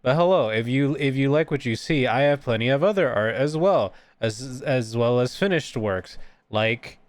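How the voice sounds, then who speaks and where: A man's voice: mid-range voice, animated, moderate pace, no room sound. A man chatting casually and rambling with frequent giggles as he streams his drawing. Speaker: art streamer and VTuber. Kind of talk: casual live-stream chat.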